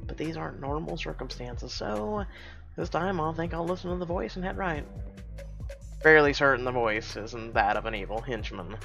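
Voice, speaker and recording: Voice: medium pitch, expressive, normal speed, gravelly, fairly bright tone, soft background music. A streamer reading a story game aloud, breaking in with wry, sarcastic asides.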